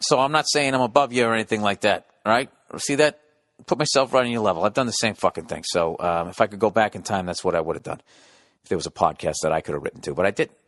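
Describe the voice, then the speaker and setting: Male podcast host, lowish voice, blunt and sweary comic advice, sarcastic delivery. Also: a bit bright. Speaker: podcast host reading listener letters. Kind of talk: comedic advice rant.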